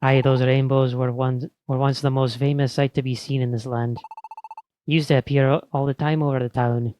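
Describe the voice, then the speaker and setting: A man's voice: mid-range voice, fairly even intonation, a little fast, darkish tone, a little hiss or hum, lightly acted. A man voicing an old townsfolk creature in a put-on Scots-style brogue, reading game dialogue aloud. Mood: wistful.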